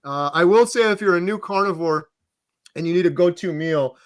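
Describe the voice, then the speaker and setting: Man, livestream host, upbeat, casual chat, fairly high pitch, dry close mic. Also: moderate pace, dry recording.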